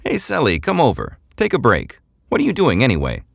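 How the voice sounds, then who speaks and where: A man's voice: medium pitch, huge pitch swings, fairly quick, creaky, no echo, clean studio sound, pitched above the performer's own voice. A man voicing a sarcastic young woman spacer with a cybernetic arm, in a wry, teasing manner, in an audiobook.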